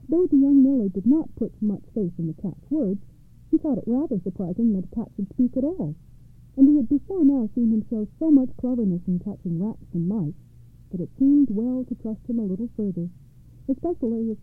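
Brief: female storyteller reading fairy tales, slightly high voice, tinny phone-like audio. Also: animated, a little fast, no room sound.

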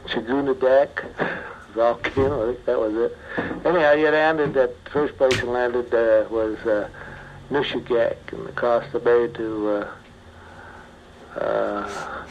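An older man, a former pilot, slowly telling his memories in an interview, with many pauses and fillers. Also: medium pitch, steady tone. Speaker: retired bush pilot. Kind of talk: oral history interview. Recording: muffled archival tape with faint hiss.

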